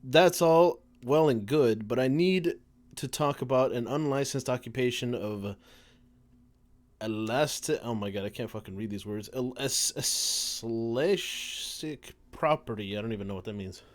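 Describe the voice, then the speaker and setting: A man's voice: medium pitch, measured pace. A man streaming a game live. He chats casually, swears often and stumbles while reading the on-screen text aloud.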